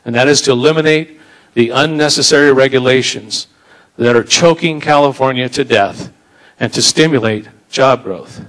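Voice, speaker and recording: A man's voice: medium pitch, normal speed, a bit bright, poor audio. Male candidate, assertive closing statement, mid-range voice. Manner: firm and assertive. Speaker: political candidate.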